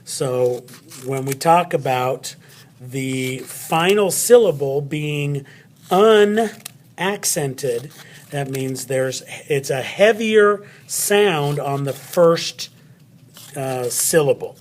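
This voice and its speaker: A man's voice: mid-range voice, takes it slowly. A man teaching a recorded spelling lesson to children, chatty and friendly, talking straight to his students.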